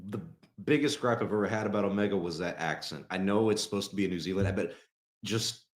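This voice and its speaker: A man's voice: sits low, fast, reverberant. A man from Texas co-hosting a casual podcast, rambling with many restarts and fillers. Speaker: podcast co-host.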